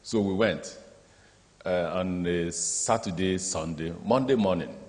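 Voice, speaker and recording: A man's voice: low voice, measured pace. A man with a Nigerian accent, a state governor addressing an education summit, telling stories and acting out the dialogue in them. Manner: lively storyteller, acts out dialogue in speech, draws audience laughter. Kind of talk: speech with anecdotes. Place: large conference hall. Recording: reverberant hall.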